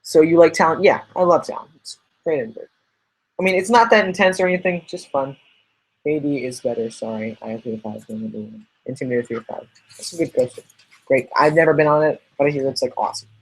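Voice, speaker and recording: A man's voice: a little high, fast, breathy edge, poor audio. Chatty man hosting a livestream podcast. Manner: rambling, chatty, answers viewers' questions. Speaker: podcast host reading live chat. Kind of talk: casual livestream chat.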